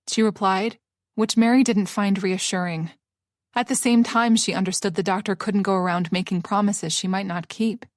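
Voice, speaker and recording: A woman narrating a novel aloud in a measured, even audiobook style. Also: mid-range voice, no echo, clean studio sound.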